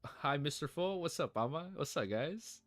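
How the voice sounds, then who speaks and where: A man streaming live, reading a novel aloud haltingly and breaking off to joke and react to it. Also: a little high, animated, a bit bright, dry recording.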